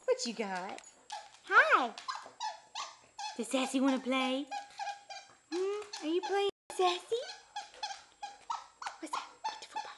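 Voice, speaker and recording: A woman's voice: high voice, big pitch swings, unhurried, pauses often, noisy background. A woman filming at home, coaxing her baby and dog in sing-song baby talk. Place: home living room. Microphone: handheld camera.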